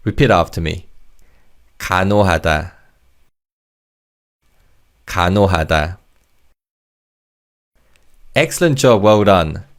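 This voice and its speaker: A man's voice: deep voice, normal speed, pauses often. A man teaching Korean vocabulary in English, explaining word parts and leading repeat-after-me drills in a patient, encouraging way. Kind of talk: language lesson narration.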